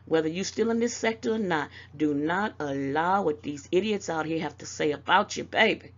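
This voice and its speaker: A woman's voice: low voice, normal speed, dull audio. An older woman with a Southern US accent, speaking to camera and giving motherly, scolding advice, calling people baby. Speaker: YouTube commentator. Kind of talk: casual direct-to-camera advice.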